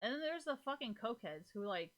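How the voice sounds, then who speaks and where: A woman's voice: a little high, sing-song, a little fast, a bit bright. A woman streaming and chatting loosely to her viewers. She rambles from thought to thought, peppers her talk with profanity and leans on "like" and "you know" constantly. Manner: rambling, profane, fills every gap with "like". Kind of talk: casual chat to a live audience.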